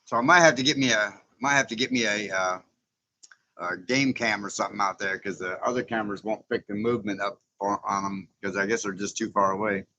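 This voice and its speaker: Bright-voiced folksy man. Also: on the low side, fairly quick, rough recording. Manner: folksy and chatty, chuckling often, reading out viewer names. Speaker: YouTuber hosting a live stream. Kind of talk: casual live-stream chat.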